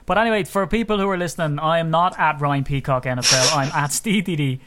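A man's voice: fairly high pitch, fast talker, heavy background noise. An Irish man co-hosting a podcast, chatting casually and teasing his partner with jokey banter. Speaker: podcast co-host.

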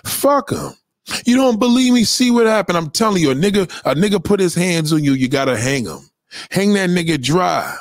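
A man hosting a casual livestream rant, profane and animated, often putting on the voices of the people he quotes. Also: high voice, normal speed, no room sound, clean studio sound. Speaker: live stream host.

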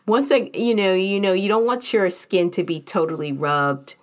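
A woman's voice: mid-range voice, normal speed. A woman telling a personal story in a frank, candid and humorous way, chatting casually with plenty of fillers.

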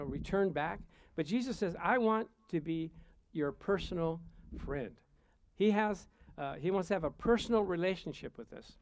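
A man gives a sermon in a relaxed, storytelling way, often chuckling at his own anecdotes. His voice sits high for a man. The sound is dry, with no room echo. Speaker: pastor. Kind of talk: sermon with personal stories.

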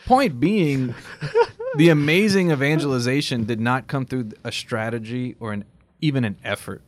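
Animated man co-hosting a talk show. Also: mid-range voice, moderate pace. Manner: animated storyteller, laughs easily. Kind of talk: casual Catholic talk show chat.

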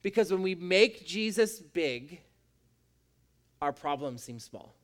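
A man's voice: high voice, lively intonation, takes it slowly. A man preaching a sermon as a pastor, with an emphatic, repetitive cadence.

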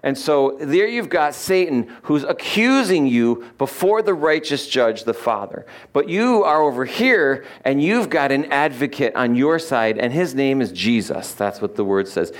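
A man's voice: medium pitch, lively intonation, unhurried, few pauses. A man preaching a conversational sermon, joking with the congregation and explaining words with frequent fillers. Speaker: pastor.

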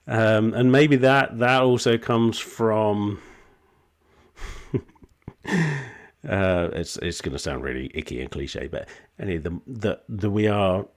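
A man hosting a podcast, talking reflectively and haltingly, with soft laughs between his thoughts. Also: lowish voice. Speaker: podcast host. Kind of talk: conversational interview.

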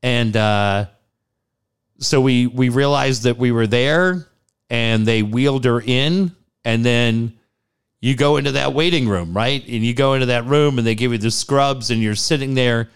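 This man shares a personal anecdote in a casual chat, his tone clean and his pace measured. He's animated throughout, performing others' words with sharp swings in pitch.

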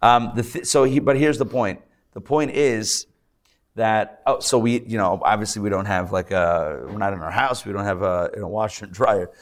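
A man's voice: lowish voice, moderate pace. Chatty man teaching a live class. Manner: chatty, joking asides, many fillers and restarts. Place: live class before an audience.

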